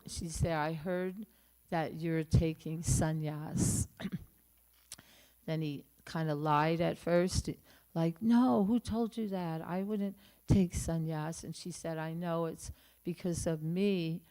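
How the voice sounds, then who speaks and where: A woman giving a morning temple class, telling a devotional story with many pauses, fillers and restarts. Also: deep voice, fairly even intonation, dark tone, clean tone. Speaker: class speaker. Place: temple room.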